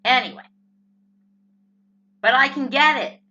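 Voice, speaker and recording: A woman's voice: high voice, slow pace, sharp tone, highs cut off. A woman with a New Jersey accent delivering a blunt, profane comic rant as a political commentator. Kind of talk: ranting comic monologue.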